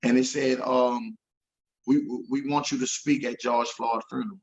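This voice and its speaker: A man's voice: medium pitch, steady tone, normal speed, creaky, a little mellow, dull audio. A man telling an emotional story as an interview guest, earnest and repeating himself when moved.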